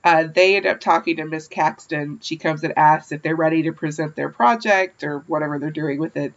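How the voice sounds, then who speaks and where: A woman's voice: low-pitched, fairly quick, lo-fi sound. A woman co-hosting a podcast, chatting casually and animatedly about a book, laughing often. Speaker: podcast co-host. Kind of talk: casual chat recapping a book.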